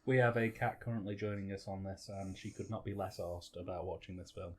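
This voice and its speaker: A man's voice: low voice, steady tone, brisk. A man with a British accent co-hosting a casual movie commentary, chatty and playfully jokey. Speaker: co-host of a film commentary.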